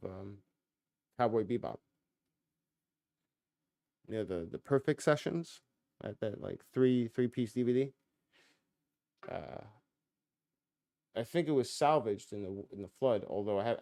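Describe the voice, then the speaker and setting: A man's voice: mid-range voice, creaky, dark tone, no room sound, clean studio sound. A man in his thirties hosting a live stream, talking casually in loose, profane rambles with many fillers and restarts.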